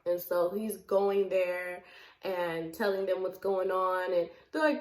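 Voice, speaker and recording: A young woman chats casually to her camera, recounting a story with lively energy and frequent laughter. Her voice sits at a middle pitch, and the room around her echoes noticeably. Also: unhurried. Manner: animated, laughs often while telling, acts out quoted lines. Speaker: vlogger.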